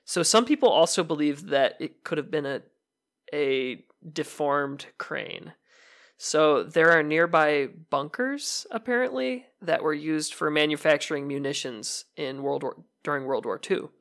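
A man's voice: on the high side, lively intonation, measured pace, vocal fry, fairly bright tone. Hesitant man from Michigan, casual chat. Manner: hesitant, lots of fillers and restarts. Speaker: podcast co-host.

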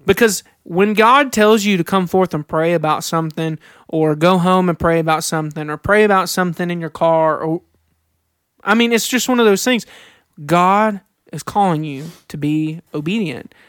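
A high-pitched man talks earnestly on a faith podcast, sharing candid stories and slowing down to read scripture aloud. The sound is close and dry, with no room around it. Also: fairly bright tone, clear, resonant tone, no echo. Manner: earnest, reads scripture slowly, confessional storytelling. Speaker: podcast co-host.

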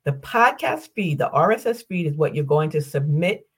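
A woman's voice: low-pitched, animated, normal speed, slightly rough. Upbeat older woman hosting a podcast. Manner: upbeat, explanatory, rhetorical questions and lists. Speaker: podcast host. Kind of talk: solo podcast teaching.

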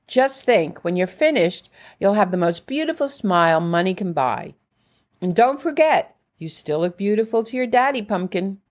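A woman's voice: mid-range voice, expressive, normal speed, close to an everyday voice. A woman reading the lines of a jovial, doting father visiting his daughters, in her own voice. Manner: jovial, coaxing.

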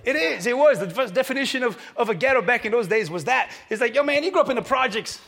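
A man preaching a sermon to a congregation, energetic and often shouting. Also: very high-pitched, quick pace, vocal fry. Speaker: pastor. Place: church hall with congregation.

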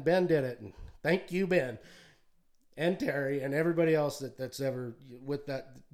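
A man giving a halting, heartfelt personal testimony, often choked up and restarting his sentences. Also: mid-range voice, a little mellow. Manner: halting, many restarts, gets choked up, folksy. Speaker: podcast co-host sharing testimony. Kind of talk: emotional personal testimony, sermon-like. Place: alone at home.

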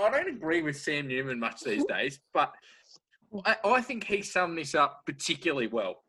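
A man's voice: a little high, sharp tone. A young Australian man on a comedy podcast, ranting crudely with sarcastic mock outrage. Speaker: podcast co-host. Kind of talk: comedic rant.

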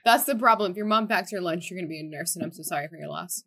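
A woman's voice: on the low side, rapid-fire, creaky, fairly bright tone, husky. A young woman who teaches children abroad, chatting casually and giggling as she tells stories on a podcast. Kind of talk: casual chat.

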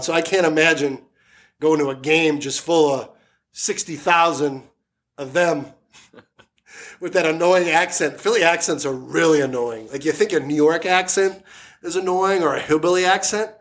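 A man hosting a casual sports podcast, joking crudely and laughing often. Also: fairly high pitch. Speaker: podcast host.

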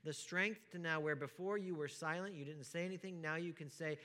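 A man preaching a sermon as pastor, emphatic, asking rhetorical questions and swinging from hushed to loud. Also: fairly high pitch, a little fast, hardly any pauses. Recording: long hall reverb.

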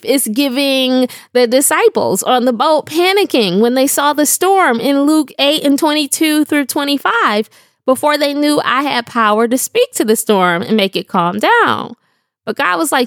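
A woman's voice: high voice, lively intonation, a little slow, fairly bright tone, dry recording, studio quality. A middle-aged woman telling a humorous devotional story in a slangy, playful way, often laughing. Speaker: devotional speaker.

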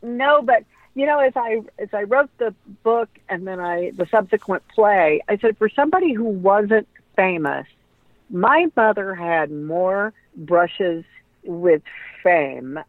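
A middle-aged woman, a radio personality and author, telling lively stories in an interview and acting out the voices of people she quotes. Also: medium pitch, slow, no echo. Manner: animated storyteller who acts out quoted voices. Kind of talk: conversational storytelling interview. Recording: tinny phone-like line, dry.

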